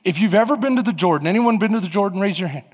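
A man preaching a sermon as pastor in a church sanctuary, animated and conversational, building up to loud passages. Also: high voice, rapid-fire, husky. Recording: long reverb in a large hall.

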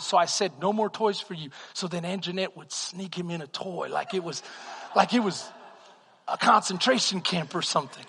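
Animated high-voiced preacher in a reverberant hall. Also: male voice. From Texas. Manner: animated storytelling, swings from hushed to loud. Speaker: pastor. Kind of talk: sermon.

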